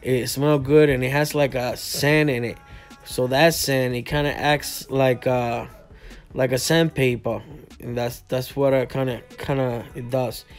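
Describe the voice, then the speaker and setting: A man's voice: mid-range voice, steady tone, measured pace. Man, native Spanish speaker, barber, tired, rambling, repeats words, faint music in shop. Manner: rambling, repeats words and says "you know what I mean". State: tired, yawning. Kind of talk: casual tutorial narration while working. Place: barbershop lounge.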